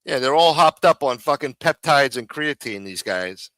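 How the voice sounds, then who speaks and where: A man's voice: medium pitch, lively intonation, normal speed, a bit bright, no echo. A man hosting a live stream, commenting casually on a clip in a rambling, profane, exasperated way.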